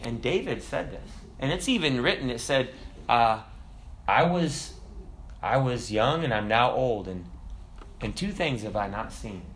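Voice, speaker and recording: A man preaching a sermon in a conversational, animated storytelling manner, with frequent asides to his listeners. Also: medium pitch.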